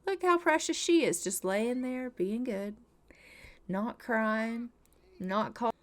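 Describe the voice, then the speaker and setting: A woman's voice: fairly high pitch, animated, slow pace. A woman narrating a life-sim game story for her channel in a chatty, playful way. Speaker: gaming YouTuber. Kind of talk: casual let's-play narration.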